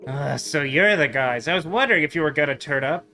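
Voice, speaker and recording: A man voicing a rude, grumpy male motel manager from a pixel-art adventure game, with gruff, slangy, sarcastic talk. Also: fairly high pitch, animated, a little fast, pushed and bright, faint music behind. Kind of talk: let's play voicing of game text.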